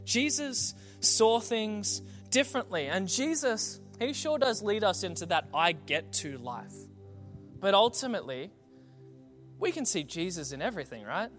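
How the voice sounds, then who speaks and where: A man's voice: high voice, animated, measured pace, a bit bright, soft background music. A man preaching a sermon, conversational and building to rhetorical refrains. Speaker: pastor.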